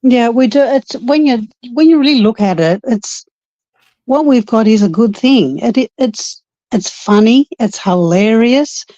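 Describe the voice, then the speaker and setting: A woman's voice: fairly high pitch, unhurried, dark tone, dry recording. A woman chatting earnestly and reflectively with friends on a late-night stream. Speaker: chat regular. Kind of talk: casual chat. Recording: muffled lo-fi audio.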